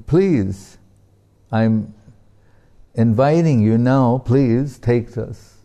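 A man's voice: mid-range voice, fairly even intonation, takes it slowly, warm tone, natural voice. A man voicing a pious five-year-old boy who pleads earnestly and tearfully with the deity during a devotional talk. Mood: pleading.

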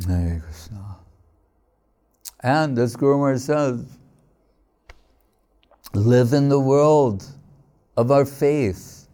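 A man giving an unhurried devotional sermon, telling stories, quoting scripture and checking in with "right?". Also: mid-range voice, animated, dark tone. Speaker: speaker at a devotional gathering.

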